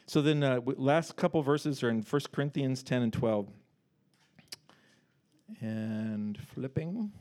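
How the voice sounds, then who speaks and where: Male preacher, mid pitch, casual and animated, reads verses then riffs on them. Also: slow, pauses often. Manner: animated, conversational, breaks off to joke and paraphrase. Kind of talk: casual sermon with scripture reading.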